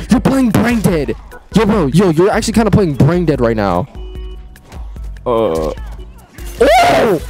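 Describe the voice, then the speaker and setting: Profane, wildly swinging male streamer. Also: a little mellow. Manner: profane, trash-talks the fighters, swings from low muttering to shrieks. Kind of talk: live gameplay commentary. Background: game music.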